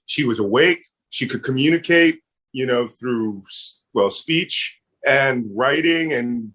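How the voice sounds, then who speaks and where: Speaking slowly in a mid-range, fairly bright voice, a middle-aged interview guest with a Philadelphia accent shares personal stories. He's earnest and heartfelt, adding a little humor in this casual storytelling.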